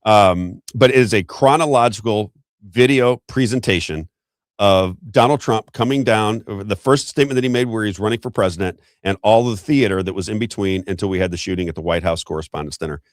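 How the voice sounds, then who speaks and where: A man hosting a show of political commentary, talking excitedly and rambling with restarts. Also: on the low side, fairly quick, no room sound, clean studio sound. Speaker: show host.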